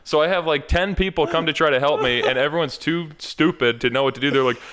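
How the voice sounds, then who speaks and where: A young man co-hosting a podcast, telling rambling, animated stories in casual chat. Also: a little high, fast talker, a loud crowd. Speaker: podcast co-host.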